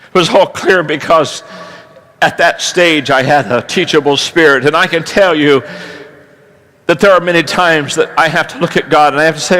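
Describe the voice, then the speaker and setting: High, bright-voiced animated preacher. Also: male voice, normal speed, slight background noise, rough recording. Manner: animated storytelling, swings from hushed to shouting. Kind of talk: sermon.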